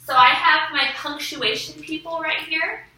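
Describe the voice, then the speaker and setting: A woman's voice: sits high, fairly even intonation, a little slow, bright, forceful tone. A woman teaching a punctuation lesson to children, asking patient leading questions and repeating their answers, recorded from far off in an echoey classroom. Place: school classroom. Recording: echoey classroom, distant camera, faint noise.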